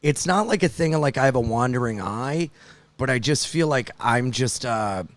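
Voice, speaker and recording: A man's voice: medium pitch, expressive, normal speed, no echo. Young guy podcast host, rambly storyteller doing little voices, dry close sound. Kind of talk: casual comedic chat.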